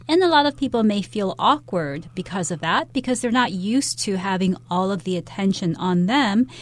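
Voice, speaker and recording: A woman teaches English vocabulary in a steady, careful voice, laying out literal and figurative meanings. Her pitch is an ordinary middle range for a woman. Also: dry recording. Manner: measured, careful explanation. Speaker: English teacher on a radio lesson. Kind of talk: explaining vocabulary and dialogue.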